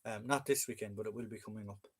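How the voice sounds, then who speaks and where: A man's voice: fairly low pitch, steady tone, fast talker, fairly bright tone, slightly rough. A man with an Irish accent, hosting a casual live chat, reading viewer comments and joking with frequent fillers. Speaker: livestream host.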